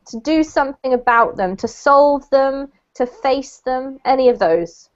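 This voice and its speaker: A woman's voice: high voice, measured pace, highs cut off. Patient woman teaching English. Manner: patient, explains pronunciation step by step. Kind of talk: online language lesson.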